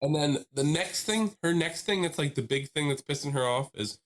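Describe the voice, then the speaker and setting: Animated man telling a story on a podcast. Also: on the high side, moderate pace. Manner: animated storyteller, laughs while telling, mimics people he quotes. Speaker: podcast co-host. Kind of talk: casual storytelling chat.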